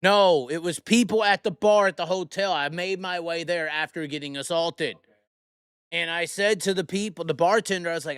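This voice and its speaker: A man's voice: a little high, moderate pace, a bit bright, clean tone, dry recording, studio quality. A man hosting a podcast, telling a rambling, profane and heated story in casual talk. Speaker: host.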